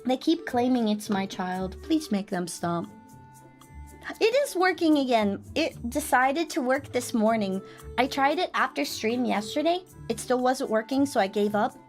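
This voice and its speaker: A woman's voice: on the high side, moderate pace, faint music behind. A woman streamer chatting casually and playfully with her viewers, giggling often. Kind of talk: casual chat on a livestream.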